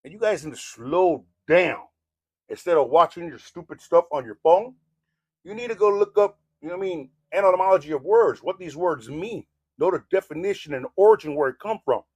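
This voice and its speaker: A man's voice: on the high side, lively intonation, brisk, husky, no room sound. Blunt, profane Samoan-Californian man ranting. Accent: Samoan-influenced Southern California. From Southern California. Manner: blunt, rude and profane, preachy; rambling with frequent "you know what I mean". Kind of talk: ranting monologue.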